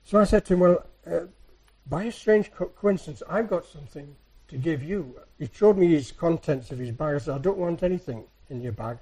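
A man giving a sermon, a soft-spoken, rambling storyteller who retells everyday encounters. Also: a little high, expressive, brisk, husky, poor audio. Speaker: church speaker. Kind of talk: anecdotal sermon.

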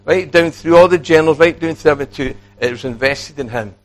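A man delivers a sermon in a fairly high voice. He is animated, swings between quiet asides and raised emphasis, acts out quoted lines, and keeps putting questions to his congregation. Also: fast. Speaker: preacher.

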